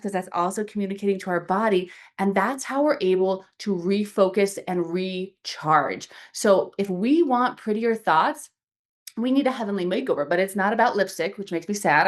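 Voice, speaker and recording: A woman guest on a faith podcast, explaining ideas earnestly and acting out small everyday dialogues as she goes. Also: mid-range voice. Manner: earnest, lively, acts out little dialogues. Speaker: podcast guest, founder of a reset program. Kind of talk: faith-based explanatory interview talk.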